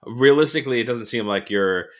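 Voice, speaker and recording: A man's voice: mid-range voice, brisk. A man co-hosting a podcast, casually telling a story and chuckling as he goes. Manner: animated storyteller who chuckles through anecdotes. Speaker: podcast co-host.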